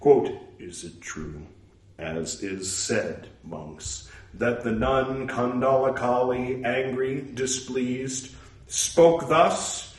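A mid-range male voice reads a religious text aloud extremely slowly, speaking the punctuation marks and pausing for casual musing asides. He's in a room at home, with echo and the mic far off.

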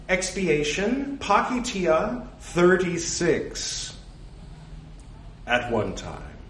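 A man reads old scripture aloud at a slow, unhurried pace, his pitch swinging widely as he goes. He speaks every quotation mark and parenthesis and drops in joking asides. The recording rings with the echo of a roomy space. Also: a little hiss or hum. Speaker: scripture reader. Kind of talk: reading a religious text with casual asides. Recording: echoey room.

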